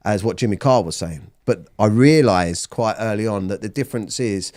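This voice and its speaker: Low-ish voice, guy in his 30s, comedian being interviewed, blunt and sweary, keeps restarting his sentences. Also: moderate pace, darkish tone. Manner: blunt, swears freely, frequent restarts and fillers. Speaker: comedian guest. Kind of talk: candid interview talk.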